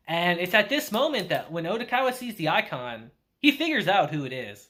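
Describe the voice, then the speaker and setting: A man's voice: high voice, brisk, few pauses. A man reviewing an anime, casually recapping the episode and acting out the characters' quotes. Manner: animated storytelling with acted-out quotes.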